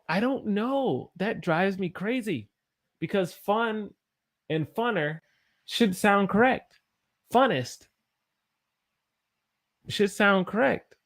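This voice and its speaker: Animated American English teacher, lively voice. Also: male voice, high voice, vocal fry. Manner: animated, exclaims about English quirks. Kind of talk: live-stream lesson, reading chat.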